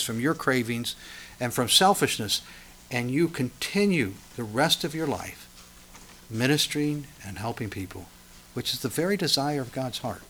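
Bright-voiced preaching man. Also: mid-range voice. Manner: swings from loud preaching to soft intensity. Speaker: pastor. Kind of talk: sermon.

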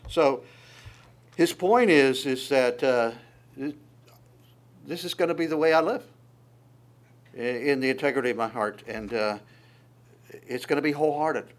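A man preaching a sermon, lively and conversational, often stammering on repeated words and acting out quoted voices. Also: mid-range voice, measured pace, long pauses. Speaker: pastor.

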